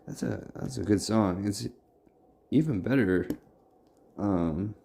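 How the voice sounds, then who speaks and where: A man's voice: lowish voice, slow pace, creaky, warm tone, slight background noise. A man vlogging casually from his home workshop, rambling and muttering to himself as he sorts and labels things. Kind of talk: casual talk to camera.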